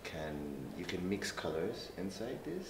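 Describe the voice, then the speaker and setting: A man from Nigeria brainstorming out loud, hesitant and modest as he thinks through ideas. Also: sits low, very animated, a little slow, vocal fry, noisy background. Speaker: guest. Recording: distant from mic in echoey room, music behind.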